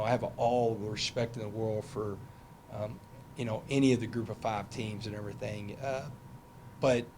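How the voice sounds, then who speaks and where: A man's voice: on the low side, a little hiss or hum. A middle-aged man, a head football coach answering press conference questions in a loose, conversational way with many fillers and restarts.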